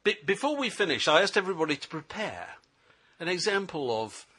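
A man hosting a casual chat, leading the round and telling stories with animated delivery. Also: high-pitched, brisk, husky. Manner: animated storyteller, often laughing. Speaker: host.

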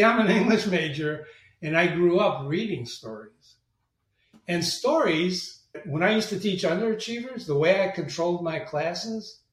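Brief: high-pitched man, lively storyteller, roomy sound from off-mic. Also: far from the mic. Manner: animated storyteller, acts out quoted voices. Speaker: guest, marketing agency president. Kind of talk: storytelling interview talk.

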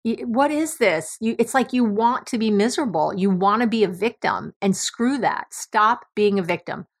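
A woman's voice: mid-range voice, expressive, moderate pace. A middle-aged woman from New York with a New York accent, hosting a podcast in a blunt, emphatic monologue and swearing freely. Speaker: podcast host.

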